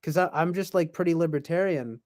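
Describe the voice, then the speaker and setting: A man's voice: on the high side, brisk, a little mellow, no room sound. A man hosting a podcast, talking in a casual, rambling way with lots of fillers and restarts. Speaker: podcast host.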